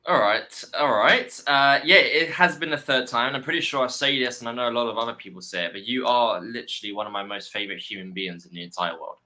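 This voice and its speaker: London-accented male guest, bright tone, effusive and enthusiastic, casual chat. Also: medium pitch, fast talker, few pauses, slight background noise, poor audio. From West London. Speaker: guest, author and speaker.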